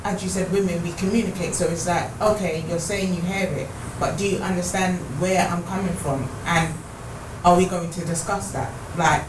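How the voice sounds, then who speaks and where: A woman's voice: lowish voice, steady tone, moderate pace. A woman hosting a podcast, pressing her guest with probing, challenging questions. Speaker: podcast host. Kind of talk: candid podcast conversation. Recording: echoey room, distant mic, noisy background.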